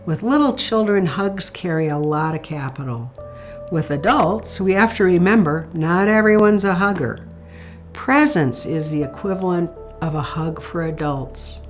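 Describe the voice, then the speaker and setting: A woman giving an instructional talk on supporting grieving people, speaking in a calm, gentle and measured way. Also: on the low side, soft background music. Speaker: grief support educator.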